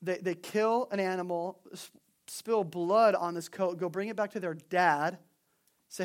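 A man retelling a story as a casual, animated sermon, full of slang, quick asides and repeated words. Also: high voice.

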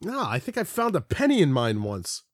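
A middle-aged man from the Philadelphia area rambles through a story on a podcast, restarting sentences and swearing freely. His voice sits high and swings widely in pitch, lively and animated. The sound is close and dry, with no room echo. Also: moderate pace. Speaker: podcast co-host. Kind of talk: casual chat.

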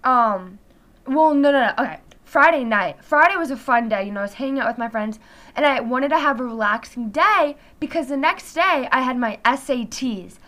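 Teenage girl, high voice, chatty, casual storytime, frequent "like". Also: normal speed. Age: teens. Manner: chatty, heavy use of "like", animated retelling. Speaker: vlogger.

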